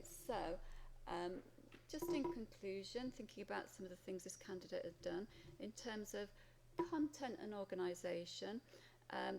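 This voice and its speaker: Welsh English teacher, gravelly voice, noisy recording. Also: female voice, fairly low pitch, darkish tone. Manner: reads student text aloud then comments. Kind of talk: marking a student essay aloud.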